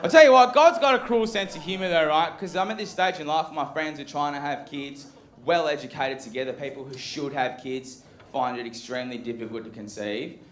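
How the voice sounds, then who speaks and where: A man's voice: on the high side, fairly quick. A Western Australian man doing a live stand-up set, with a dry, offhand delivery and asides to the crowd. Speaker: stand-up comedian. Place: comedy club stage. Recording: echoey room with loud ambience.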